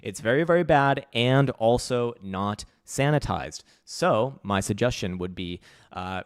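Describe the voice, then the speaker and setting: A man's voice: lowish voice, no echo, studio quality. A man hosting a crypto trading livestream. He answers viewer questions bluntly, swears freely, mocks people, and laughs often. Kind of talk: live-stream commentary reading viewer questions.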